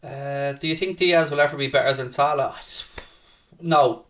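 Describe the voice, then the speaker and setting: A man's voice: a little high, moderate pace, a bit bright, recorded from a distance. A man hosting a casual live football watchalong, chatting to viewers, reading out their messages and swearing freely when worked up. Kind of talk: casual live-stream chat.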